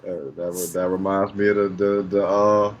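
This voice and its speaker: A man co-hosting a podcast, talking in a relaxed, halting way with a lot of filler words. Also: low voice. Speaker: podcast co-host. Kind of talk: casual chat. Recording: dull lo-fi sound.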